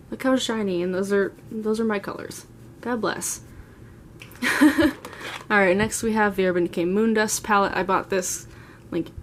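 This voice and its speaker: With a lowish voice and slight background noise behind her, a beauty vlogger in her twenties sits at home. She rambles and gushes through a casual walkthrough of her makeup collection.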